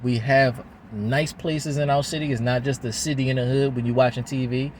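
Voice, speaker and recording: A man's voice: mid-range voice, fairly even intonation, normal speed, a little hiss or hum. A man from talking to the camera, venting in a heated, rambling way and swearing often. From Baltimore, USA. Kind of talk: emotional venting monologue.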